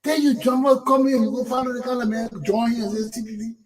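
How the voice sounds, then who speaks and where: Blunt, high-voiced man ranting. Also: steady tone, fast talker, crowd noise, poor audio. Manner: blunt and profane, repeats words, laughs often. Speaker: talk show host. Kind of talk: heated political commentary.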